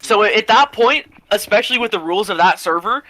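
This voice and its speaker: A man's voice: sits high, animated, a little fast, sharp tone, dry recording. A male podcast guest in casual chat, defensively arguing his side point by point.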